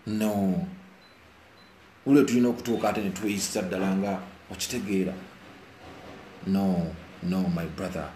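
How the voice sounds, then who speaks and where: With a warm, low-pitched, steady voice at normal speed, a Ugandan man pauses often while giving viewers an earnest, preachy, emotional commentary in both Luganda and English. The room is echoey, rain can be heard outside, and there's faint background hiss.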